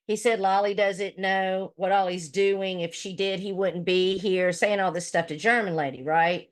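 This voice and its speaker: A woman streamer rambles through a gossipy recap, swearing freely. Her voice sits at a middling pitch, and she talks in a loose, unscripted way. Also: fairly even intonation, normal speed. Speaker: livestream commentator. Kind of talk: casual livestream recap.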